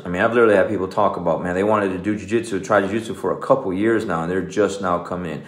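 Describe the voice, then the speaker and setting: Talking fast and hardly pausing, this man in his forties uses a low-pitched voice with fairly even intonation. He's a jiu-jitsu coach offering a relaxed motivational pep talk heavy on "man" and "you know," recorded in an echoey space.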